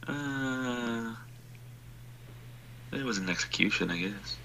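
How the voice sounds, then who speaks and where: A man's voice: medium pitch, slow pace, pushed and bright, low-quality recording. A man bantering irreverently, tossing jokes into a casual chat.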